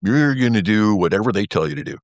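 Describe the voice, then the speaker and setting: Deep-voiced man, interview guest, rambling and wry, dry close sound. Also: very animated, fast talker, dry recording. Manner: rambling, filler-heavy, wry with laughs. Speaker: interview guest, former pilot. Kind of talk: casual storytelling interview.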